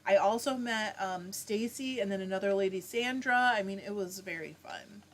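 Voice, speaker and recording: A woman's voice: mid-range voice, moderate pace. A woman hosting a casual livestream, reading viewer comments aloud and answering them in a chatty way. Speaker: livestream host reading chat. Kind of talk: casual live chat. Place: home, fiber arts livestream.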